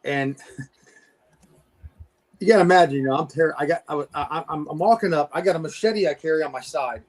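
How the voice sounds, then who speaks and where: A man's voice: on the high side, normal speed, long pauses. A man guest telling his encounter story in a casual interview, with a lot of stammering restarts and laughing at himself. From Florida. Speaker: Bigfoot investigator guest.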